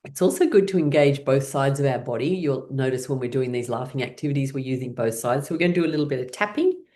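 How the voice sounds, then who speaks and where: A woman teaching a laughter yoga class, giving gentle instructions that often break into laughter. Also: a bass voice. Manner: slow, soothing guided meditation delivery.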